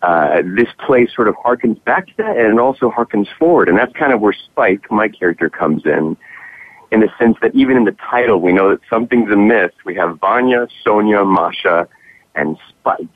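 A man's voice: lowish voice, expressive, normal speed, dry recording. A man being interviewed about his acting work, answering earnestly and at length with many fillers and restarts. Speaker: guest actor. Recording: dry, tinny phone-like line.

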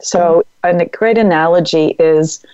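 A middle-aged woman speaking as a guest in an interview, giving advice in a calm, measured coaching way. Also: lowish voice, clear, resonant tone, highs cut off. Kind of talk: interview conversation.

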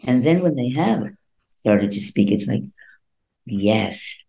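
A man speaking as a guest voice coach in an interview, expressive and acting out little quoted voices. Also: mid-range voice, moderate pace, creaky, rough recording. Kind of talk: interview answers.

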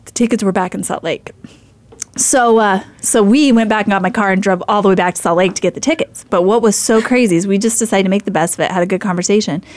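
A woman's voice: mid-range voice, quick pace, no echo. A middle-aged woman hosting a faith show, telling a story in a chatty, rambling way with many fillers and restarts. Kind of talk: casual storytelling.

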